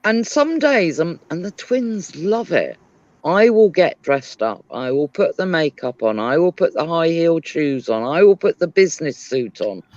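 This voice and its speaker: A British woman chatting casually on a live stream, telling animated stories. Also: deep voice, a little slow, no echo. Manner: animated storyteller, lively voice. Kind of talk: casual chat. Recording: dry, dull lo-fi stream audio.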